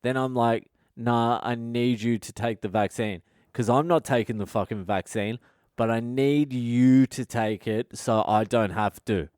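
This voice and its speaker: A man rants through a story in a blunt, swearing, casual monologue. His voice is smooth and resonant, and the recording is close and dry with no room sound. He talks like a podcast host just letting it all out. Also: medium pitch, measured pace, a little mellow, no room sound. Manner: foul-mouthed, blunt, ranting.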